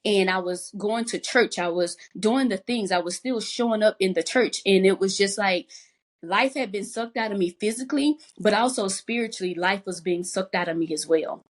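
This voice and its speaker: A woman's voice: medium pitch, normal speed. A young adult woman, a podcast guest, earnestly telling an emotional personal faith testimony.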